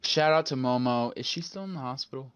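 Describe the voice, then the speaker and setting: A young man co-hosting a casual podcast, joking loudly and swearing freely. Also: mid-range voice, fast, smooth, no echo. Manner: joking, loud, swears freely, puts on a radio host voice. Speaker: podcast co-host. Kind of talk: casual chat.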